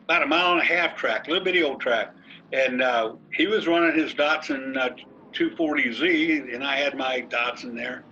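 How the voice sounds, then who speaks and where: An older man, telling racing stories in an animated, folksy way over a video call. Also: medium pitch, moderate pace, highs cut off, slight background noise. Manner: animated, folksy storyteller, colorful cursing. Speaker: racing driver guest.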